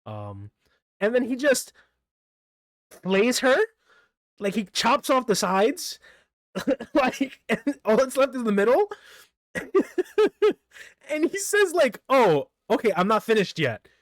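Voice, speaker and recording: A man's voice: very high-pitched, very animated, takes it slowly, pauses often, no echo, studio quality. Giggly rambling man recapping manga. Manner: rambling, giggly, stumbles over names. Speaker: manga reviewer. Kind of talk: casual solo manga recap.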